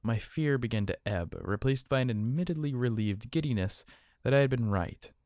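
A man narrating a first-person horror story in a tense, hushed storytelling manner. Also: medium pitch, expressive, moderate pace, dry recording, studio quality.

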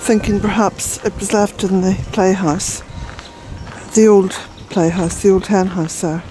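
A woman's voice: medium pitch, fairly even intonation, measured pace, mellow, soft background music, rough recording. An older woman from Ireland, a vlogger chatting outdoors in her garden, out of breath and rambling with fillers. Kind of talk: casual walk-and-talk narration.

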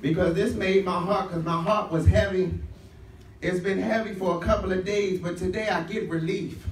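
A man's voice: sits high, fairly even intonation, moderate pace. A man paying tribute to a relative at a funeral service, rising into fervent, preacher-like exhortation. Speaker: family member giving a funeral tribute. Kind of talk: emotional funeral tribute with church call-and-response. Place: large room at a funeral service. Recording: echoey room, voice heard from a distance, faint noise.

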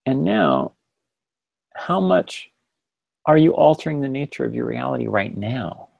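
A man's voice: medium pitch, gravelly, breathy edge, no echo, narrow, tinny audio. A man presenting a webinar in a casual, rambling way, full of restarts and direct questions to his listeners. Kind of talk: casual spoken webinar lecture.

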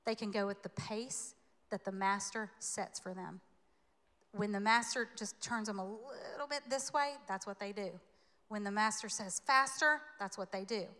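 A woman from the American South preaching a sermon in a church, conversational and animated, with playful asides. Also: medium pitch, normal speed. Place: church sanctuary. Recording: long hall reverb.

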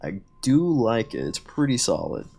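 A man's voice: medium pitch, big pitch swings, normal speed, creaky, mellow, husky. A young man giving rambling, casual gameplay commentary as a gaming video host, often laughing and swearing.

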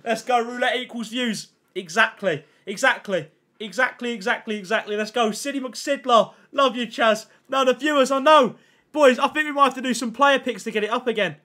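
A young man chatting casually to his viewers on a gaming livestream, excitable and slangy, thanking chat constantly and reacting loudly to pack openings. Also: very high voice, a little fast.

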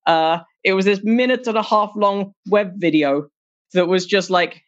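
A stand-up comedian doing a set from home over a video call, lively and quick to mock, dropping into sneering put-on voices. The audio is dull and lo-fi, with a mid-height voice. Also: mid-range voice. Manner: animated, slips into mocking put-on voices; laughs at own jokes.

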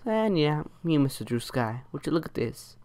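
A man giving casual, excitable gameplay commentary as a channel host, chatting to his teammate and taunting opponents as he plays. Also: on the high side, moderate pace, heavy background noise. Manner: excitable, chatty, talks to his teammate and foes while playing.

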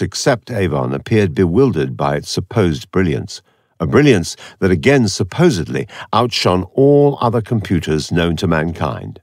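A man narrating a story in an audiobook reading, with a wry, expressive manner. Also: low-pitched, normal speed, no room sound, clean studio sound.

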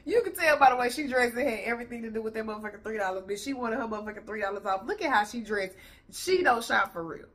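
A woman's voice: a little high, lively intonation, fast, a bit bright, slight background noise. A woman host ranting bluntly and profanely as she reacts to a video.

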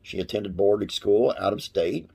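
A man with a low, husky voice reads classic TV trivia to his viewers. He talks in a folksy, rambling way, slips off into asides, and closes with religious blessings. A gravelly rasp runs under his words. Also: moderate pace, warm tone. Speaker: classic TV trivia channel host. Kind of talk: reading trivia to camera with casual asides.

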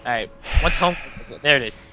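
A man in casual gaming chat with a friend, excitable and teasing, slipping into goofy voices. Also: medium pitch, moderate pace, faint music behind. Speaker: gamer, friend of the host.

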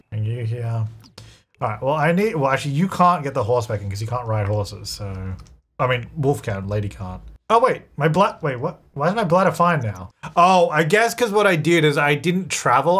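Chatty man with a lively voice. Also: fairly high pitch. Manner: chatty, self-narrating, laughs often. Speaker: gaming video creator. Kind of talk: casual let's-play commentary.

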